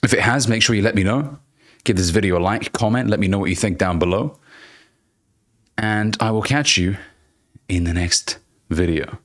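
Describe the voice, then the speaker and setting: A man coaching viewers on public speaking, talking directly and bluntly, slowing down to stress key words. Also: on the low side. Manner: deliberate, emphatic, slows down to stress key words; blunt, casual, occasional swearing. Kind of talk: direct-to-camera coaching lesson.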